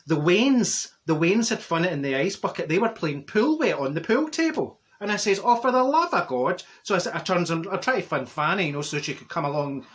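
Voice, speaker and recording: A man's voice: sits high, lively intonation, fairly quick, hardly any pauses. A man playing a chatty older woman from Glasgow with a Glaswegian Scottish accent, telling a rambling comic story and laughing at his own jokes. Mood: gossipy. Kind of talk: comic character monologue.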